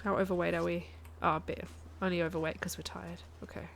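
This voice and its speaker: A woman's voice: lowish voice, little pitch movement, quick pace, vocal fry, slight background noise. A woman, chatting casually to her viewers while playing a game on a live stream and thinking aloud. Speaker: guest streamer.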